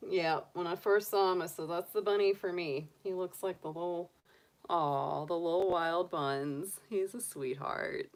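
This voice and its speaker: Middle-aged woman, lowish voice, slow unhurried chat, soft pet-talk coos. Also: steady tone. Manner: cooing baby talk to a pet rabbit. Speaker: tarot reader and astrologer. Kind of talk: casual livestream chat.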